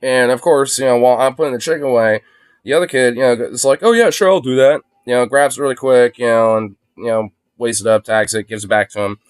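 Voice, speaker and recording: A man's voice: medium pitch, fairly even intonation, quick pace, clear, resonant tone, dry recording. A man chatting casually on a phone livestream, rambling and swearing freely, with lots of fillers. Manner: rambling, profane, heavy use of fillers.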